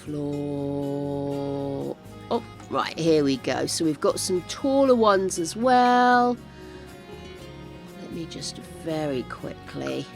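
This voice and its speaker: An older woman chatting to viewers while playing a game on a live stream, easily excited. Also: sits low, drawn-out words, gravelly, soft background music. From United Kingdom. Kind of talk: casual live-stream chat while gaming.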